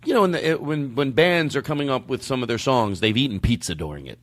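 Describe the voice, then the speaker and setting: A man's voice: mid-range voice, quick pace, no echo. A man hosting a comedy podcast in casual chat, telling rambling stories and acting out quotes. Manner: animated, rambling storytelling with acted-out quotes. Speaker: podcast host.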